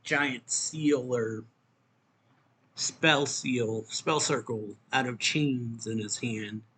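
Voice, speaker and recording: A man's voice: mid-range voice, sharp tone, slight background noise. A man giving a loose, casual recap of a comic chapter, full of fillers, who lifts his voice when he reads out the characters' lines. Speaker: manga reviewer. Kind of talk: casual recap reading out manga dialogue.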